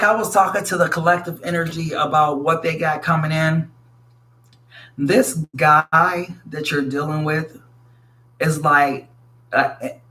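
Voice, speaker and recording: A man with a somewhat high-pitched voice gives a casual tarot reading straight to his viewers. He talks bluntly and frankly, swears freely and keeps calling the listener sweetie. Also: bright, forceful tone. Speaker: tarot reader.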